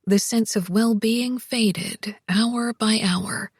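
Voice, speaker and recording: Woman narrating a novel, husky breathy voice, dead dry studio sound. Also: fairly high pitch, dry recording. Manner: measured, even storytelling. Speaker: audiobook narrator. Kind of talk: scripted audiobook narration.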